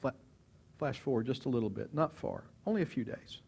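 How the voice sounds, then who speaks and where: A man preaching a sermon, retelling a story in an animated, dramatic way. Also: mid-range voice, a little fast, gravelly, husky.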